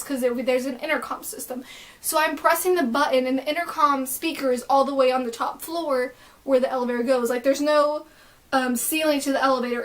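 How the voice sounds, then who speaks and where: A young woman with a high voice tells a personal story for her vlog. She rambles excitedly and leans on filler words throughout. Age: young adult. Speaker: vlogger.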